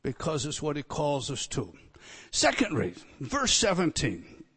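Impassioned preacher with a high, ringing voice. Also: male voice, huge pitch swings, unhurried, husky, big-room sound. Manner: swings from loud emphatic declarations to hushed, intense near-whispers; direct address to listeners, rhetorical questions. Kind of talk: expository sermon.

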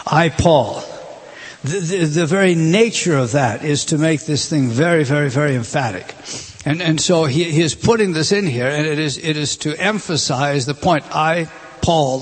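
Bible teacher, male, a touch high-pitched and husky; emphatic, repeats himself, restarts lines while reading verses. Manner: reads scripture aloud and explains it.

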